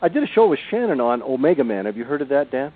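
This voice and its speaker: A man's voice: medium pitch, sing-song, fast talker. A man in his sixties, a guest on a radio show, telling stories in an earnest, emphatic way over the phone. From Southern California. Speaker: author and researcher guest. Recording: tinny phone line.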